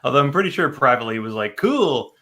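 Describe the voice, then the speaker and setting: Sarcastic man with a bright, forceful voice. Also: medium pitch, lively intonation, very fast. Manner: sarcastic, chatty storyteller. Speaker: podcast guest. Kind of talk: casual chat.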